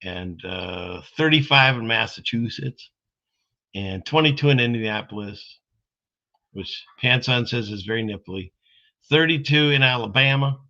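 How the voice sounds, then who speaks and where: A man's voice: fairly low pitch, measured pace, creaky, pushed and bright. A man hosting a casual live stream, rambling in a folksy way as he reads out viewer comments. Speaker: streamer host. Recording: dull lo-fi stream audio.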